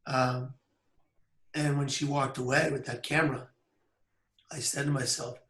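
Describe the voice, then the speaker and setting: A man in his thirties tells a personal story outdoors, earnest and measured, pausing between thoughts. His voice stays mid-pitched and fairly flat in melody. The sound carries a roomy echo. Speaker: public speaker. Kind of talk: personal story told on camera. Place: outdoors by a bridge.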